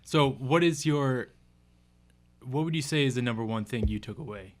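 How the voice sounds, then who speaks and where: A male podcast host who asks questions in a halting way and searches for his words. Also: medium pitch. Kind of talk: casual podcast interview.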